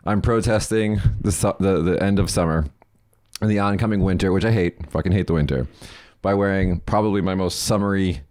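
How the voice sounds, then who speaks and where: A man's voice: low-pitched, fairly quick, darkish tone, dry recording, studio quality. A young man from Las Vegas hosting a podcast, chatting casually, rambling and swearing freely. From Las Vegas, United States. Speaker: podcast host. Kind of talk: casual chat.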